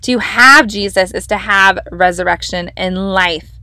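Woman, devotional podcast host, casual Bible teaching, animated and emphatic, dry recording. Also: medium pitch, a little slow, dry recording. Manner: enthusiastic, conversational, emphatic.

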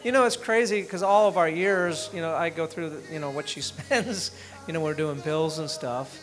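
A man's voice: fairly high pitch, normal speed. A middle-aged man leading a dinner gathering in an informal sermon and prayer, talking in a rambling, emotional way with many restarts. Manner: rambling and conversational, with frequent restarts; emotional, tearing up. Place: dinner event room.

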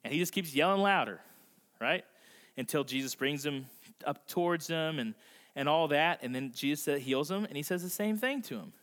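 A male pastor preaching a conversational sermon, slowing down and softening his voice for emphasis. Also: fairly high pitch, expressive. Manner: acts out voices in quotes. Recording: long reverb of a large hall.

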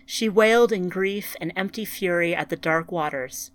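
A woman narrating a story in a somber, deliberate way. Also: fairly low pitch, no room sound.

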